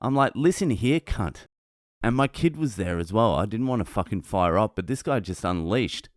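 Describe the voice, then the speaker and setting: A man's voice: on the low side, brisk, dry recording. A male comedian hosting a podcast, telling a blunt, heavily sweary story into a close mic. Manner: blunt, heavy swearing, animated. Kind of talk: profane storytelling monologue.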